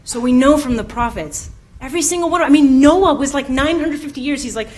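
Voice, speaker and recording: A woman's voice: high voice, lively intonation, fast, darkish tone. A young woman in her twenties speaking at a youth event, telling funny personal stories that lead into a faith message. She laughs often, says "like" a lot and acts out the people in her stories. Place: indoor community event room.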